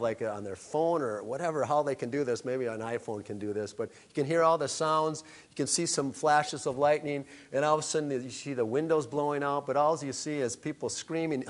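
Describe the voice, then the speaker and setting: A man preaching a sermon, telling stories with frequent halting restarts. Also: on the high side. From Upper Midwest of the USA. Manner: halting storytelling with many restarts. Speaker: pastor.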